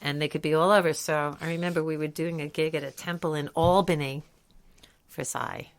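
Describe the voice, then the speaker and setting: Low-voiced older woman telling gig stories. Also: a little fast. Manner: animated storyteller, laughs often. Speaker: podcast co-host. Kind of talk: casual chat.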